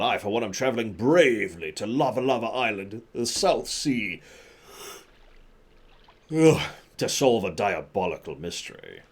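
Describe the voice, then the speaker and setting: A man's voice: on the low side, vocal fry, breathy edge, full character voice. A man voicing a pompous male adventurer in a hammy faux British accent. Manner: theatrical, hammy.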